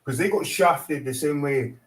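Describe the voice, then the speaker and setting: A man's voice: a little high, measured pace, slightly rough. A Scottish man hosting a livestream, ranting bluntly and swearing a lot in casual chat with viewers. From Scotland. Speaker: livestream host.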